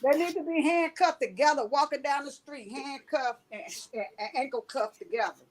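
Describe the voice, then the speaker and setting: A high-voiced woman talks in a casual chat. She tells the story with animated repetitions and a lot of emphasis. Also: moderate pace, rough recording. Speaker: host.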